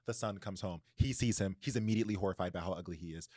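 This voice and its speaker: Co-hosting a relaxed book podcast, a man races through an animated retelling of a story, peppered with "like" and laughter. His low voice is slightly rough, captured in studio quality with no room sound.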